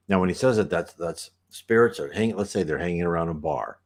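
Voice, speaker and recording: Male reader-commentator, low-pitched, chatty and meandering, lots of restarts. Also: brisk, few pauses. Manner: rambling, chatty, with many restarts and fillers. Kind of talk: casual commentary on a book reading.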